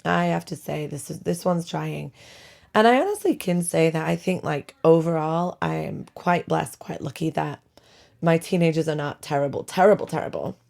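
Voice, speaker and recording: A woman's voice: low-pitched, moderate pace, creaky, darkish tone. A middle-aged woman hosting a casual podcast from her bedroom, chatty and self-deprecating, laughing often. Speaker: podcast host. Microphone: home podcast mic.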